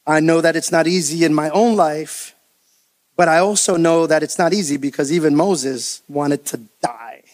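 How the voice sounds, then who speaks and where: A man preaching as pastor, animated, acting out the voices of the people he quotes. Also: a little high, normal speed. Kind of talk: sermon.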